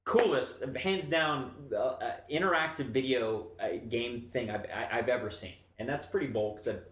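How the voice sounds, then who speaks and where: Casting: male panelist, casual, quick to react, echoey room. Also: medium pitch, fairly bright tone. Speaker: podcast panelist. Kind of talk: casual group chat.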